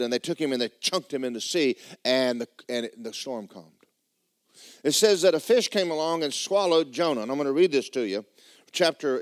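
Pastor preaching with folksy drama. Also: male voice, mid-range voice. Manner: folksy storytelling, rising to loud dramatic reading. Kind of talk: sermon. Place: church.

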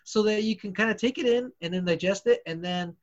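A man co-hosting a casual podcast chat, animated and profane, often stammering as he restarts his sentences. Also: high voice, a little fast. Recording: muffled lo-fi sound.

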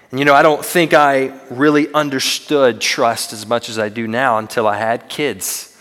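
A man's voice: mid-range voice, animated, moderate pace, a bit bright. A young man preaching a sermon as a student minister, earnest and conversational with self-deprecating humor. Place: church sanctuary. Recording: long reverb of a large hall.

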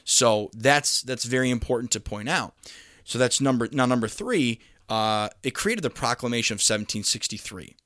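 A man's voice: medium pitch, expressive, normal speed, fairly bright tone, no room sound, clean studio sound. A man teaching a history lesson in a casual, conversational way, with plenty of fillers, restarts and bursts of emphasis. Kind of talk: casual lecture.

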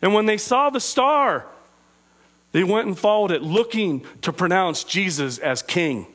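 High-pitched male preacher, interactive teaching sermon, quizzes the room, stretches out key phrases. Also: expressive, fairly bright tone. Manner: asks the listeners questions, slows down on key phrases.

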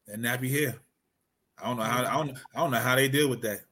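A man's voice: medium pitch, quick pace, sharp tone. Man leading a casual discussion. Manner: reads definitions, asks discussion questions. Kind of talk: casual chat.

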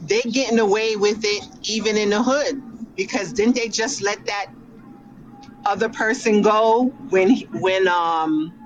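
A man's voice: high-pitched, unhurried, dull audio, music in the background. A man on a panel in a casual discussion, tentative and searching for words.

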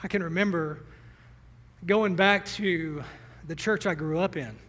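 Young male pastor, earnest sermon delivery, somewhat high voice, teary, long church reverb. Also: unhurried, a bit bright. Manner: earnest, emotional, addresses the congregation directly. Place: church sanctuary.

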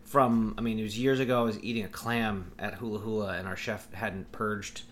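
A man's voice: on the low side, steady tone, brisk, a little hiss or hum. A man in his forties, a podcast co-host, telling a rambling, self-correcting story in casual chat.

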